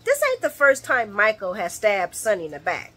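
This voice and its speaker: A woman hosting a casual late-night soap opera recap vlog, animated and laughing often as she acts out characters' lines. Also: medium pitch, moderate pace, a little hiss or hum.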